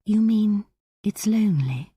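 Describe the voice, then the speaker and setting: A woman voicing a shy young woman who laughs easily, speaking in a soft, breathy, airy whisper. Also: medium pitch, big pitch swings, normal speed, dry recording, clean studio sound. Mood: gentle. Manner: gentle, airy, light.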